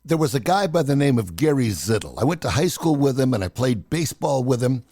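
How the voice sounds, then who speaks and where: An older man in his sixties with a gravelly edge spins personal stories in a casual, chatty way. His voice rises and falls freely as he tells them. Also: mid-range voice, fairly quick. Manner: animated, chatty storyteller. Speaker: storyteller.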